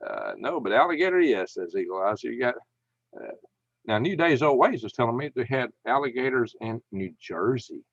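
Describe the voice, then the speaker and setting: A man rambles folksy stories on a live stream and chuckles as he reads chat. His voice is mid-pitched. The sound is dry and close, but a bit dull, like a modest home mic. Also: big pitch swings, normal speed, gravelly, breathy edge, no echo. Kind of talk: casual storytelling and reading chat.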